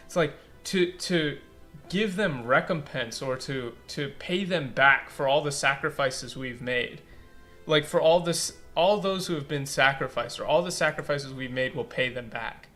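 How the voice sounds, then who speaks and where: Animated blunt man critiquing a game. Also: on the high side, a little slow, soft background music. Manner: animated, blunt, casual swearing, many "like" fillers. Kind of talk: let's play commentary.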